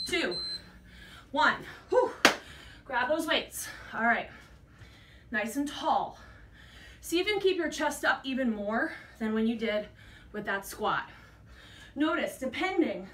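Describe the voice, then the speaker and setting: A female fitness instructor with a high-pitched, fairly bright voice leads a workout class, counting reps breathlessly and encouraging everyone while she exercises. The room is echoey and the mic sits at a distance.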